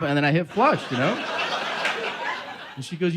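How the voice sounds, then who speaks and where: Middle-aged guy doing stand-up, lively swooping voice, live show w/ laughter noise behind. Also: fairly high pitch, fairly quick, long pauses. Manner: loud, animated storytelling with voiced quotes. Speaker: stand-up comedian. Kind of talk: stand-up comedy set. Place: comedy stage before a laughing audience.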